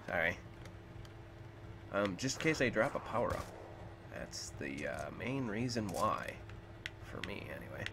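A man's voice: low-pitched, lively intonation, unhurried, creaky, pauses often, noisy background. A man streaming a zombie shooter, muttering casual commentary to himself and swearing now and then in a small room. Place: small room he calls a closet.

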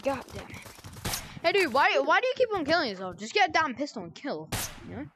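A fairly high-voiced woman talking through a VR headset mic, loosely explaining a shooter game to a friend and cracking jokes. Loud gunfire rattles behind her, and she shouts when the action heats up. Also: fast, very noisy. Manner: chatty, joking, loud bursts of excitement. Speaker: player teaching a newcomer. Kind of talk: casual gameplay chat.

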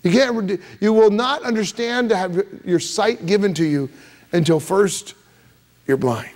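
A man preaching a sermon as pastor, emphatic and repetitive, swinging from loud rises to soft drops. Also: high voice, unhurried. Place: church sanctuary.

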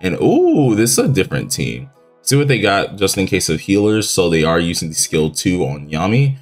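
A young man with a deep, low-pitched voice, still groggy with morning voice, talks casually through a mobile game match. His delivery is loose and rambling, full of fillers and slang. Soft music plays faintly underneath. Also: wildly swooping pitch, normal speed. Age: young adult. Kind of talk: casual gameplay commentary.

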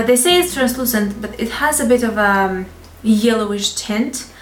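A woman's voice: mid-range voice, roomy sound, recorded from a distance, a little hiss or hum. A woman with a French accent reviewing beauty products in a chatty, frank way, laughing between phrases. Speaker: beauty vlogger.

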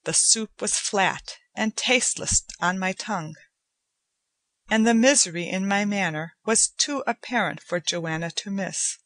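A woman narrating a short story in slow, measured, somber storytelling. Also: medium pitch, fairly bright tone, no echo. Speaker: audiobook narrator. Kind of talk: scripted narration.

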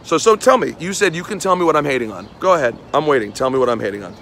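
New dude in his 40s ranting hard while walking down a city street, kinda high voice, faint traffic hum behind. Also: animated, rapid-fire, fairly bright tone. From New York City. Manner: heated, scolding, repeats lines for emphasis. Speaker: radio host. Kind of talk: angry street rant to camera.

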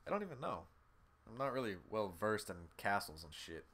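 A man with a fairly low voice whose pitch jumps all over as he streams a game live. He chats casually with viewers, swears freely and reads the game's text out loud between his reactions. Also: sing-song, fairly quick. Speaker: gaming streamer. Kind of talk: casual live gameplay commentary, reading game text aloud.

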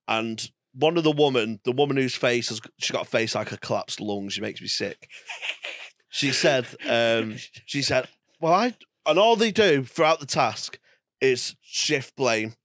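A man's voice: mid-range voice, a little slow, a bit bright, no room sound, studio quality. A man, a comedian ranting and mimicking people in casual podcast chat. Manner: rants and mimics people with exaggerated quotes. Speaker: comedian guest.

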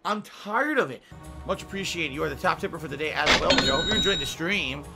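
A man live-streaming a video game, swearing, shouting at jump scares and thanking viewers for donations. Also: a little high, animated, creaky. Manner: profane, quick to yell at scares and thank donors. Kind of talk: live gameplay commentary. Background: game music.

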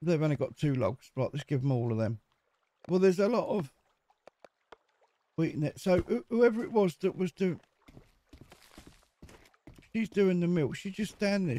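A man's voice: a little high, lively intonation, normal speed, long pauses, dark tone. Chatty man narrating his gameplay. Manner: chatty, jokey, talks to himself while playing. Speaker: gaming video host. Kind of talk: casual let's-play commentary.

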